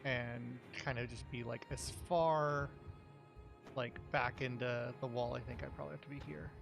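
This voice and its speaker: A man playing in a tabletop game who thinks out loud hesitantly, full of likes and ums. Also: medium pitch, steady tone, moderate pace, vocal fry, over music. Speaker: player. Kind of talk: casual tabletop game play.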